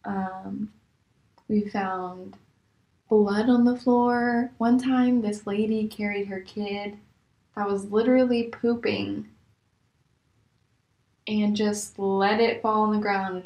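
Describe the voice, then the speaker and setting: A young woman tells her stories casually in a mid-pitched voice, animated and exasperated. Her voice leaps high when something shocks her. The room around her is echoey. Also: takes it slowly. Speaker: vlogger. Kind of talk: casual storytelling.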